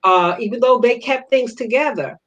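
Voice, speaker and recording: A woman's voice: fairly high pitch, normal speed, muffled recording. A woman hosting a discussion on a video call, speaking in a reflective, encouraging way. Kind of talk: casual discussion.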